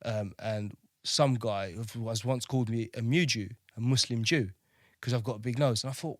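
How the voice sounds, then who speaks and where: A man's voice: mid-range voice, moderate pace, dry recording, studio quality. A man telling his service story candidly, swearing freely and often asking "do you know what I mean". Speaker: podcast guest, navy veteran.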